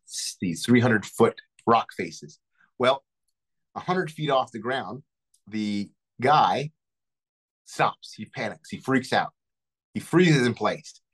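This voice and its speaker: Earnest, low-voiced man giving pep talk. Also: low-quality recording. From Texas. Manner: earnest, motivational storytelling. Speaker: zookeeper guest. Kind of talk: interview advice.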